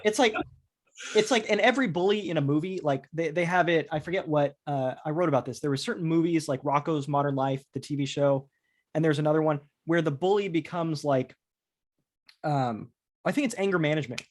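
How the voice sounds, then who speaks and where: A man's voice: on the high side, brisk. Chatty man hosting a podcast. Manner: swears freely, rambling with frequent restarts. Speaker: podcast host. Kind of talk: casual chat.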